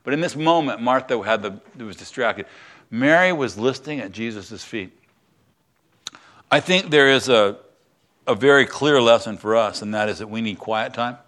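An older pastor preaches in a relaxed, conversational way, often turning to the listeners with questions. His voice sits at an ordinary middle pitch for a man. He is an American man teaching a Bible lesson to his congregation. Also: moderate pace. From United States. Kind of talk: sermon.

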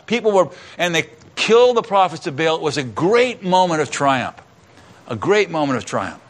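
A man's voice: a little high, sing-song, moderate pace. A man preaching a sermon, dramatically retelling a Bible story and acting out the voices, with folksy asides. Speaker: pastor.

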